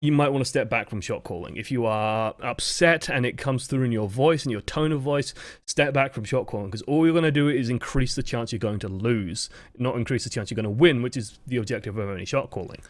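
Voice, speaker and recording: A young man coaching players, giving a live-streamed review of gameplay footage. He talks fast in a projected, expressive way and swears casually. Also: mid-range voice, dry recording, studio quality.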